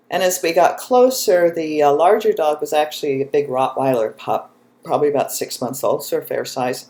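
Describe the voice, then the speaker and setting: Animated storytelling woman, echoey room. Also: low-pitched. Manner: animated, laughs often, tells stories. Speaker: host, spiritual channel. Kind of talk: casual chat, storytelling.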